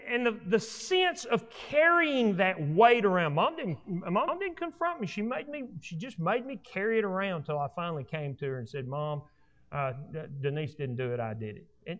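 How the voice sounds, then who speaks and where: Animated preacher in a reverberant hall. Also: male voice, high-pitched, normal speed, hardly any pauses, dull audio. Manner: animated, repetitive restarts, rising emphatic delivery. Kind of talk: sermon.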